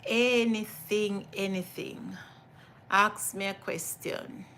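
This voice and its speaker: A woman's voice: medium pitch, fairly even intonation, slow pace, a bit bright, slight background noise. A middle-aged Jamaican woman hosting a casual cooking livestream from her home kitchen, chatting with viewers and repeating herself often.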